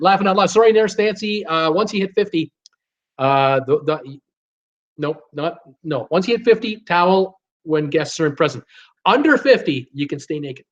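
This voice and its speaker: Male live-stream host, slightly high voice, casual and rambling, dull lo-fi stream sound. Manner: reads viewer comments aloud and responds chattily; jokey, lots of uh fillers.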